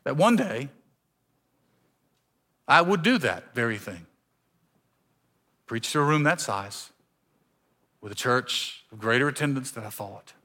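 A male pastor preaches a sermon in a church, telling a personal story in a medium-pitched, sing-song voice. He is unhurried with long pauses, shifting between loud emphasis and hushed, quiet lines.

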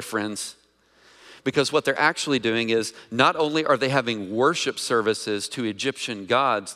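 Male pastor, conversational sermon delivery, asks the room questions, medium pitch, long church reverb. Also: fairly bright tone. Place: church sanctuary.

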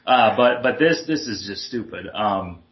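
A man's voice: lowish voice, expressive. Male co-host, stammering and dry sarcasm, echoey lo-fi room. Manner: hesitant, halting, then sarcastic. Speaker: podcast co-host. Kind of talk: casual sports chat. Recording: roomy, dull lo-fi sound.

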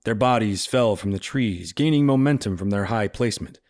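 A man reading a story aloud to friends in a steady, even voice. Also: fairly low pitch, brisk, dry recording, clean studio sound. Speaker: reader.

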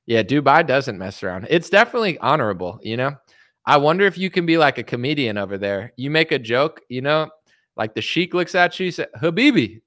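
A man chatting loosely on his own show, jumping between jokes and reading comments. His voice is smooth and clear at a middle pitch, recorded dry and close. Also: big pitch swings, fairly quick, fairly bright tone, dry recording. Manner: joking, rambling, lots of fillers. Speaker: show host. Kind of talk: casual comedic livestream chat.

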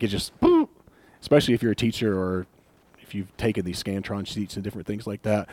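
A man preaching a conversational sermon, animated and acting out people's complaints with laughs. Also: lowish voice, dry recording. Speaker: pastor.

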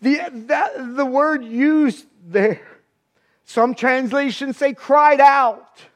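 A man's voice: very high voice, very slow, a bit bright. A man preaching a sermon in a fervent, emphatic way, repeating phrases for stress.

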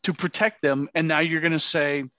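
Passionate higher-voiced man, dry sound. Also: fairly even intonation, moderate pace, pushed and bright, dry recording, lo-fi sound. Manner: passionate, repeats himself. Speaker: podcast co-host. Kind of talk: casual debate chat.

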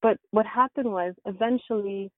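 A woman's voice: mid-range voice, normal speed, dry recording. A woman guest in an interview, telling her life story in an earnest, reflective way. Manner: earnest and reflective, with bursts of laughter. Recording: tinny phone-like line, dry.

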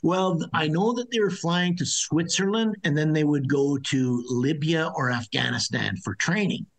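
A man's voice: a little high, moderate pace, gravelly, poor audio. A middle-aged man, a former soldier as interview guest, telling his story bluntly and ramblingly, with many restarts. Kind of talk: conversational storytelling.

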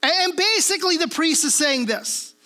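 A woman pastor from the Pacific Northwest delivers a relaxed teaching sermon with a high, bright voice. She talks conversationally and keeps checking in with her listeners. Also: normal speed. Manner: casual, checks in with listeners through frequent tag questions.

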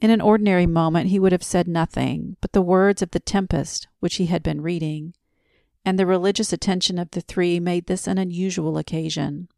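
A woman reading a story slowly and quietly as a bedtime narration. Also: fairly low pitch, steady tone, gravelly, dry recording, studio quality. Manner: slow, soft and quiet.

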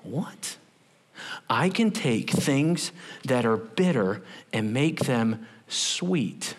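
A man preaching a sermon as a pastor, animated and humorous, acting out scenes as he goes. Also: medium pitch, slow pace.

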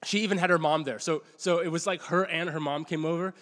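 A man's voice: fairly high pitch, fairly even intonation, fairly bright tone. A middle-aged man preaching a sermon in a conversational, storytelling way, often restarting his sentences and poking fun at himself. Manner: conversational storytelling, halting restarts, self-deprecating. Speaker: pastor. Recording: long hall reverb.

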